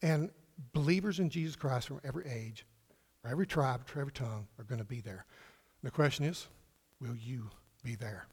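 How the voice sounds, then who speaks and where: Emphatic preacher in an echoing hall. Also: male voice, mid-range voice, brisk, breathy edge. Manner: emphatic, swings from loud to hushed, repeats words. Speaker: pastor. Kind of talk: sermon. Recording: reverberant hall.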